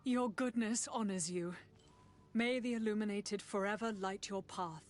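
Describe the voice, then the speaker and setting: A woman's voice: mid-range voice, normal speed, close to an everyday voice. A woman voicing a fleeing female scholar in video game dialogue, earnest and pleading.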